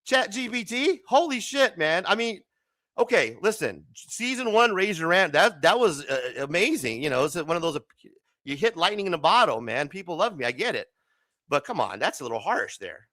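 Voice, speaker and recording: Lively high-voiced male livestream host. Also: normal speed. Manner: animated, chatty and joking, often laughing and swearing. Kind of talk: casual late-night livestream chat.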